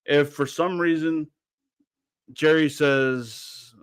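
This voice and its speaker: A man's voice: on the high side, moderate pace, fairly bright tone, no echo. A man hosting a sports radio show, talking bluntly and rambling, with some swearing. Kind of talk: casual sports talk.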